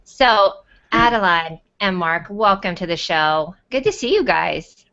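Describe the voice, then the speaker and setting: A woman hosting a casual live video chat, bubbly and teasing, calling viewers in with quick asides. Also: fairly low pitch, sing-song, pushed and bright. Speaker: host. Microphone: video call. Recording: dull lo-fi video call audio.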